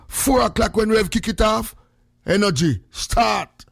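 A Jamaican man hosting morning radio, talking in a teasing patois-heavy way with a slightly high voice. The studio sound is very dry and close. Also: a little slow, gravelly, dry recording. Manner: joking, heavy patois, frequent greetings. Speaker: radio host. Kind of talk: casual morning radio chat.

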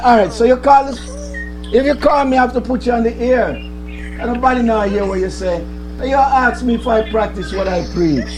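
A man's voice: high-pitched, darkish tone. A man hosting a call-in talk show, rambling and repeating himself for emphasis.

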